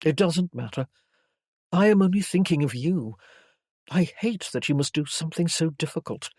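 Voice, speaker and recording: A woman voicing an ardent, possessive gentleman in a period romance, firm and insistent. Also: deep voice, expressive, moderate pace, slightly rough, no room sound, studio quality.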